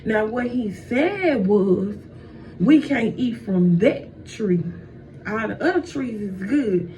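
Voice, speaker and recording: A woman's voice: medium pitch, expressive, moderate pace, natural voice. Woman doing sassy, slangy Eve. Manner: sassy, loud, slangy comebacks. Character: sassy young woman Eve, defensive and hungry. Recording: dull, distant, faint noise.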